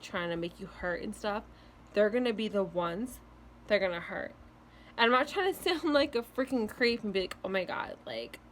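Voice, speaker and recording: A woman's voice: medium pitch, slight background noise. A young woman vlogging casual, earnest breakup advice, reassuring and full of "like" fillers, with hiccups now and then. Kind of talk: casual heartfelt advice to camera.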